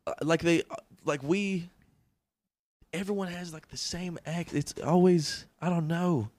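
A man co-hosting a casual podcast, musing out loud and swearing between halting phrases. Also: no echo. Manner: rambling, swearing, lively pitch. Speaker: podcast co-host.

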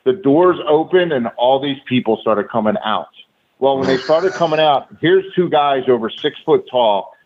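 A man speaks as an interview guest, telling old stories in a loose, profane way full of "um"s and "like"s. His voice is pitched around the middle for a man. It comes through a thin, narrow phone line. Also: expressive, moderate pace, slight background noise. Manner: loose, profane, with many fillers. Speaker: guest, former pro wrestler. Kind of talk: casual storytelling. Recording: tinny phone-line audio.

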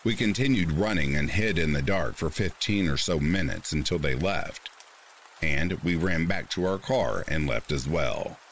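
Deep-voiced male narrator with an expressive, shifting pitch; deliberate scripted horror reading over soft rain. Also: a little hiss or hum. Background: faint rain.

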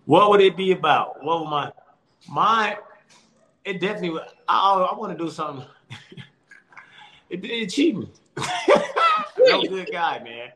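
A man, a comedian, telling stories in a casual interview from home over a call, animated and laughing often, with quick restarts. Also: high-pitched. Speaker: comedian guest.

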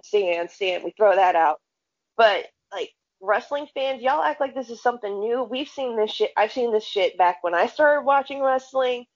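Blunt, profane woman telling stories. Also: mid-range voice. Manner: blunt, profane storytelling with quoted dialogue. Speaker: podcast co-host. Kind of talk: casual chat. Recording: dull lo-fi sound.

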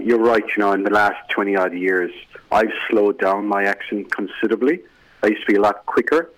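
A man's voice: fairly low pitch, a bit bright, poor audio. A middle-aged Irish man talking casually as a radio guest, lilting and joking as he tells stories. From Ireland. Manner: lilting, storytelling, jokey. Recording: radio broadcast.

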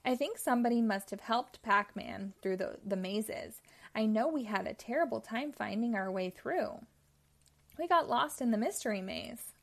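A woman reading aloud, voicing a sneaky male ghost in a hushed, whispering and whimpering voice. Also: fairly high pitch, lively intonation, moderate pace, vocal fry.

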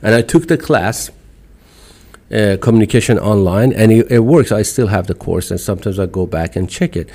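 A middle-aged man from Iran speaks with a strong Iranian accent, his voice fairly low and dark in tone. He talks as an interview guest in a casual, emphatic way, pushing his points with animated bursts and non-native phrasing. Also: normal speed, gravelly. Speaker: podcast guest.

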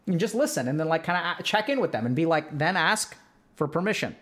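A man's voice: on the high side, lively intonation, fast, fairly bright tone. A man explaining relationship advice in a casual, conversational way, full of "like" and "right?" check-ins. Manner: breaks into role-played example dialogue. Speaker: podcast host giving relationship advice.

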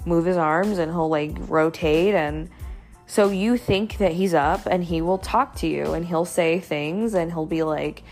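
A woman's voice: on the low side, steady tone, measured pace, a little mellow, soft background music. A young woman telling a dating story in a chatty, casual way, full of "you know" and "like".

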